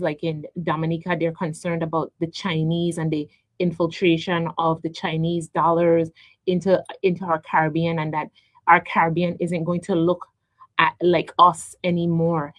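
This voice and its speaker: A middle-aged woman talks on her radio show, searching for words, stumbling and restarting with plenty of ums. Her voice sits a little low for a woman and sounds close and dry at the studio mic. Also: level tone, no echo, rough recording. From U.S. Virgin Islands (St. Croix). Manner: halting, repeats words, many ums, heartfelt. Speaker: radio talk show host. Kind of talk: emotional personal monologue. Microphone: studio microphone.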